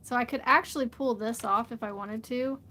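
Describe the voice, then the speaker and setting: A woman's voice: a little high, brisk, sharp tone. A woman chatting casually on a crafting vlog, rambling and often laughing as she works. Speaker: crochet vlogger. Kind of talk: casual livestream chat while crafting.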